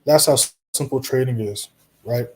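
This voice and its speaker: A man with a dark, mellow voice at an ordinary mid pitch hosts a live stream. He chats loosely and reassuringly with his viewers, answering their comments as they come in. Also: normal speed. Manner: relaxed, reassuring, talks straight to viewers with frequent "you know" and "right?".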